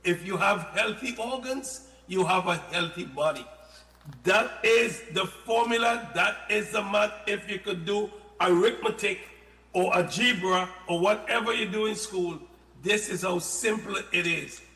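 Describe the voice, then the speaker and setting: A man talks about health in a high, sharp-edged voice, animated and given to playful asides. He sounds echoey, with a long reverb trailing his words. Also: a little slow. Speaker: health product guest. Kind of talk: casual radio-style health talk.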